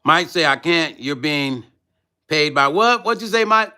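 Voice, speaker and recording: A middle-aged man with a bright, crisp and slightly high voice chats casually on a livestream. He reads out comments in a relaxed, rambling way and laughs often as he drifts from one topic to the next. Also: a little slow. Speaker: music vlogger reading live chat.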